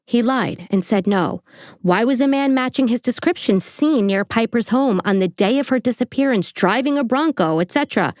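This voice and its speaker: A woman's voice: a little high, expressive, normal speed, darkish tone, dry recording. True crime host, woman, snarky narrator, dry close sound. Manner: sarcastic, swears casually. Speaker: podcast host.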